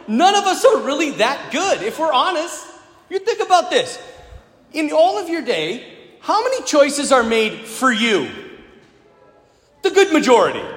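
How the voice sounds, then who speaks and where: A male priest delivers a homily in a lively, high-pitched voice that swings up and down as he tells his story. He keeps it conversational, with casual asides to the congregation. The sound carries long echoes from a large church hall. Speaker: Catholic priest.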